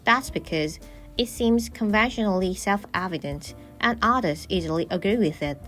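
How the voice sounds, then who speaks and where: A woman reading a scripted philosophy lecture in a measured, explanatory way; her first language is Korean. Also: medium pitch, expressive, a bit bright, soft background music. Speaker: narrator.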